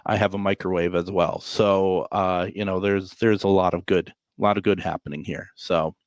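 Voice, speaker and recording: Man, radio host, low voice, rambling, jokey, lots of fillers, dry close sound, hotel room. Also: steady tone, normal speed, dry recording. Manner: rambling, filler-heavy, joking. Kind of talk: casual call-in radio chat.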